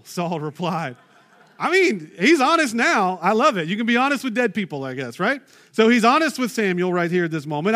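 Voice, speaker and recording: A man's voice: sits high, sing-song, brisk, a bit bright. A man preaching a sermon, reading scripture and breaking off into chatty asides and rhetorical questions.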